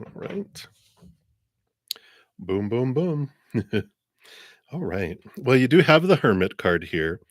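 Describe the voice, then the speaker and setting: A man giving tarot readings on a livestream in an upbeat, chatty way, clearing his throat now and then. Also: medium pitch, sing-song, slow, pauses often, dry recording, studio quality. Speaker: tarot reader.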